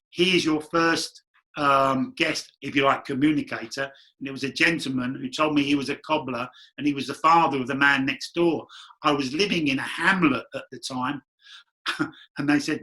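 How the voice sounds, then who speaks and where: Bright-voiced man telling stories. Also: mid-range voice. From London. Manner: chatty, rambling anecdotes with acted quotes. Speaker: guest medium. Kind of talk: candid storytelling interview.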